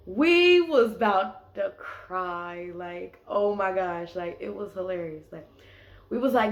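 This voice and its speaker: A young woman tells a story at an unhurried pace. Her voice sits a little low, and she keeps dropping in "like" as she goes. The room around her is echoey. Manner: chatty, leans on "like" as filler. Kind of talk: casual storytime vlog.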